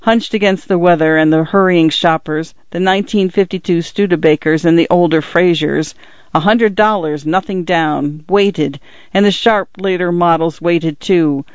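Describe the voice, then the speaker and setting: A man narrating a literary novel as an audiobook, in a measured, expressive reading. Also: on the high side, smooth, dry recording, highs cut off.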